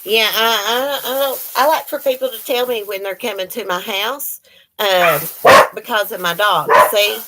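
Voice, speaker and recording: A woman's voice: medium pitch, a little slow, noisy background. A woman chatting casually to her viewers at home, gushing and apologetic. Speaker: vlogger opening mail. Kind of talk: casual chat to camera. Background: dogs barking now and then.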